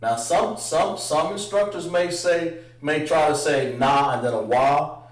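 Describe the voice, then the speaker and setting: A man teaching a livestreamed language lesson, drawing out words slowly for pronunciation drills and chatting with viewers between examples. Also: on the high side. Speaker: instructor. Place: room, livestream. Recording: roomy echo, far from the mic.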